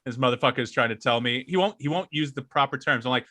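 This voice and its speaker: A man co-hosts a casual podcast, telling a story with a profane rant and frequent laughs. His voice is bright and punchy. The mic is close and the sound is dry. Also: mid-range voice, fast, no room sound. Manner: ranting, profane, laughs often. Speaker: podcast co-host.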